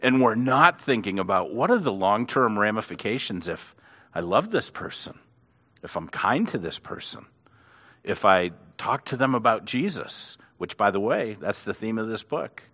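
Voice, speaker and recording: A man's voice: fairly low pitch, moderate pace. A middle-aged man, a pastor and author, telling stories about his faith and acting out the voices of the people in them. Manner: animated storyteller who acts out quotes. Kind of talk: storytelling in a faith interview.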